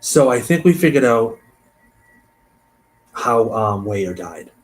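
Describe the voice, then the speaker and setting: A man hosting a stream, reading a case aloud and thinking out loud between passages, trailing off and restarting. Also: on the low side, expressive, slow pace, low-quality recording. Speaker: host.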